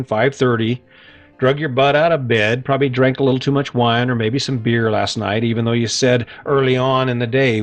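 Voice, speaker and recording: A man hosting a casual motivational podcast in a folksy, chatty way, often tagging his points with "right?". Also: mid-range voice. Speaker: podcast host. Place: lives in an RV.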